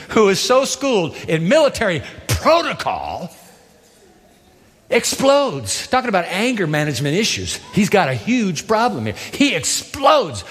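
Male pastor, theatrical sermon delivery, lively high voice, long hall reverb. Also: husky. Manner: animated, theatrical storytelling.

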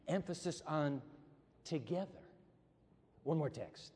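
A male pastor preaching a sermon in a church, animated and quick to act out quotes with big pitch jumps. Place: church sanctuary with balcony. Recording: long hall reverb.

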